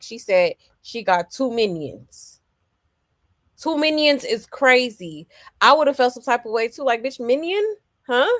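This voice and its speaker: A woman's voice: mid-range voice, fairly bright tone, no room sound, clean studio sound. A woman host reacting to a clip with sassy, amused commentary. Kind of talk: gossip commentary.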